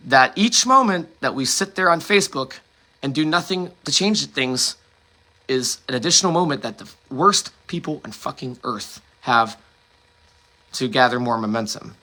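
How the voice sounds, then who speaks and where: A man's voice: fairly high pitch, sharp tone. A man from the United States hosting a solo monologue, impassioned and rambling, swearing often and restarting his sentences. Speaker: host.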